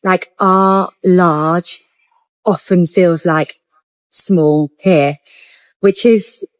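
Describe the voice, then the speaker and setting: A woman's voice: lowish voice, fairly even intonation, no room sound. English woman, reporter, chatty vlog delivery, dry mic. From England. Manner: chatty, measured, listing observations. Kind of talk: casual vlog to camera.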